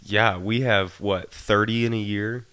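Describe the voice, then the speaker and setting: A man co-hosting a casual podcast, sounding stuffy and nasal from allergies, easygoing and quick to laugh along. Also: fairly low pitch, steady tone, a bit bright, clear, resonant tone. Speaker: podcast co-host.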